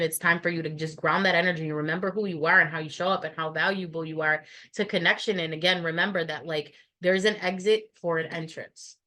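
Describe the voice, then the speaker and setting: A woman's voice: lowish voice, fairly bright tone. Blunt, rambling woman tarot reader. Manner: blunt, profane and rambling, many fillers. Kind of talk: casual tarot reading to camera.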